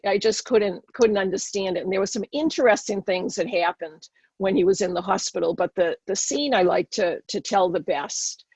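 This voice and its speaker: A woman's voice: medium pitch, creaky, a little mellow, husky, dry recording. A middle-aged woman with a Boston accent, telling her personal story earnestly as a podcast guest.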